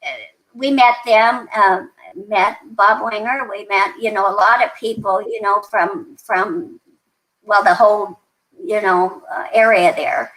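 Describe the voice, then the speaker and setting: A woman's voice: mid-range voice, steady tone, a little slow, fairly bright tone, rough recording. An older woman from New Mexico, a podcast guest chatting casually and rambling through stories with lots of restarts and fillers. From New Mexico, USA. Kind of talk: casual interview storytelling.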